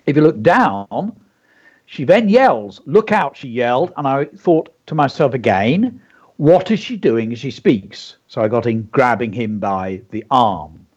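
Husky male writing teacher on radio, animated delivery, lo-fi sound. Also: medium pitch, unhurried. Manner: explaining, reads the story aloud.

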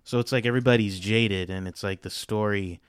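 A man's voice: lowish voice, fairly even intonation, brisk, clear, resonant tone, no echo, studio quality. A man talking as a podcast guest in a casual chat, rambling with many fillers and restarts.

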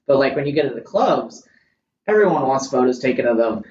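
A man's voice: mid-range voice, expressive, a little fast, a little mellow, a little hiss or hum. A young man who is a photographer, chatting casually and candidly, swearing freely as he tells his stories. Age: young adult. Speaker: guest photographer. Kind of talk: casual podcast chat. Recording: roomy, distant, dull lo-fi sound.

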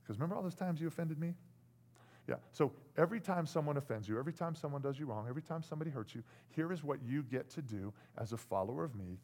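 A man preaching a sermon, animated, swinging between loud bursts and hushed lines and acting out what people say. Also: a little high, fast. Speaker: pastor.

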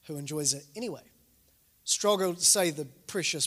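A pastor from New Zealand, a man in his 40s, gives a sermon with a fairly high pitch and a moderate pace. He tells his stories with animation and acts out the quoted voices, all captured in the echo of a church hall.

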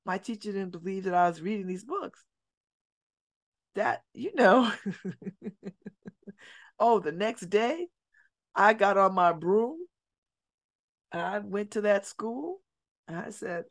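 A middle-aged woman hosting a community radio show, telling stories in an animated way and dropping her voice low and soft for emphasis. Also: slow, long pauses. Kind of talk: casual talk radio monologue. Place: radio studio.

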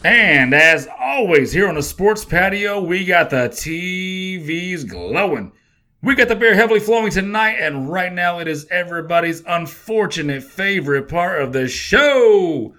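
A Texan man co-hosts a casual sports podcast, trading boastful jokes. His voice is bright and lively, rising and falling a lot. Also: sits high, unhurried. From Texas. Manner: joking, boastful banter. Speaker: podcast co-host.

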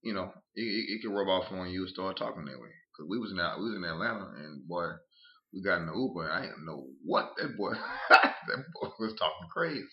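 A man co-hosting a podcast, chiming in with loud, slangy reactions and quick agreement. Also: low voice, expressive. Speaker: podcast co-host. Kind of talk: casual podcast banter. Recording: roomy, dull-sounding mic.

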